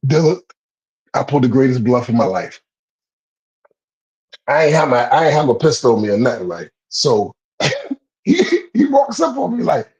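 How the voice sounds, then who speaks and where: A man telling stories in a casual, profane chat, animated and laughing often. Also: mid-range voice, normal speed, pauses often, rough recording.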